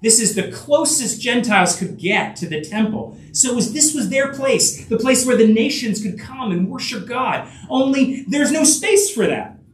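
A man preaching in a church sanctuary, his voice sitting high and swinging widely as he builds to emphatic peaks. He talks earnestly, with many fillers, restarts and rhetorical asides. The sound is roomy and echoey, picked up from some distance. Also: lively intonation, normal speed, a little hiss or hum. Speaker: pastor. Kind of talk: sermon.

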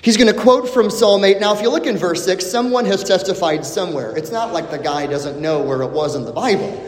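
A man preaching a sermon, expressive and dramatic, repeating questions for emphasis with long pauses. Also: high voice. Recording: echoey hall with long reverb.

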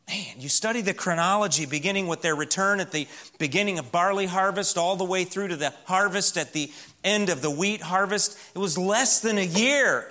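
A man preaching a sermon as pastor in a church, emphatic, slowing down and dropping to a hush on key words. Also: high voice.

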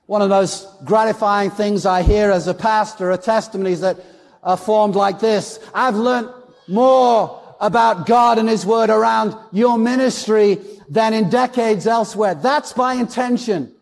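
A male pastor delivers a sermon in a high, gravelly voice, driving his points home by repeating them. His words ring out with a long reverb from a church hall. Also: a little slow. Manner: emphatic, repeats words for stress. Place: church sanctuary.

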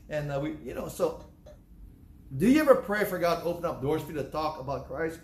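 A man's voice: fairly high pitch, big pitch swings, fairly quick. Man preaching in an echoey room. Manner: conversational preaching with sudden loud emphatic bursts. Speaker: pastor. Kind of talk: sermon.

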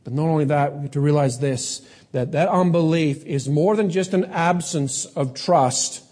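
A male pastor delivering a sermon in a fairly high voice. He asks the congregation questions and drags out key words for emphasis. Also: darkish tone. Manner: emphatic preacher, rhetorical questions, slows down for stress.

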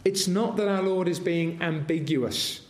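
A man's voice: a little high, unhurried. A man preaching a sermon, earnest and asking his congregation rhetorical questions. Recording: roomy echoing hall.

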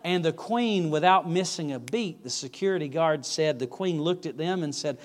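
A man's voice: a little high, animated, moderate pace, hardly any pauses. A male preacher telling an anecdote in a sermon, correcting himself mid-story.

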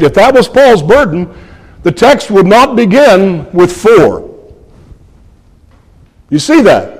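Slow, lively-voiced man preaching earnestly. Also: high-pitched, long reverb tail. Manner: earnest, emphatic repetition of key phrases; addresses listeners as friends. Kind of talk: expository sermon.

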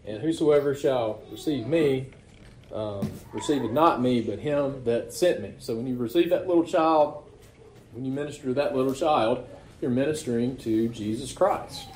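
A man's voice: mid-range voice, normal speed, a little mellow, a little hiss or hum. A man preaching a sermon to his congregation in a casual, conversational way, often asking rhetorical questions. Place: church. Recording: echoey room.

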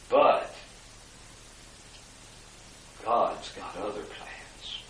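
A man preaching a sermon, moving between hushed asides and loud, high-pitched emphasis. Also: echoey room, poor audio. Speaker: pastor.

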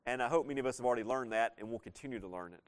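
A middle-aged man, preaching a sermon in an easygoing storytelling way and slowing down to stress key phrases. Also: mid-range voice, clean tone. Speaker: pastor.

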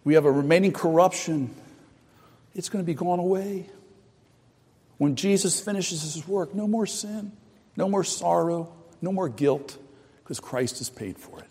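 A middle-aged pastor preaches with earnest conviction, repeating phrases and starting over, his volume rising and falling. His voice sits a little high. It rings out in a long-reverb hall. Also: unhurried, pauses often, slightly rough. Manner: earnest preaching with repetitions and restarts, swinging from loud to soft. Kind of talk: sermon.

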